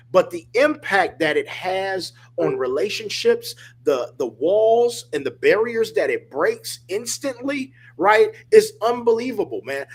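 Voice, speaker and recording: A man's voice: a little high, husky. A man, a podcast guest, telling a personal story in a casual, emphatic way over a video call. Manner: emphatic, animated, addresses listener as dude and man.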